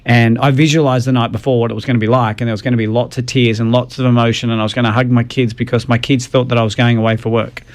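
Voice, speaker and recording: A man's voice: medium pitch, flat delivery, quick pace, hardly any pauses. Man, interview guest, earnest heartfelt testimony, mid-range voice. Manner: earnest, emotional storytelling. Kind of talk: personal testimony in a podcast interview.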